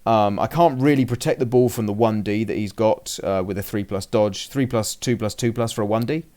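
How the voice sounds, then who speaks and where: With a lowish, mellow voice and a brisk delivery, a man hosting a podcast casually recounts a tabletop game turn by turn. He rambles, keeps restarting, and acts out what he and his opponent said.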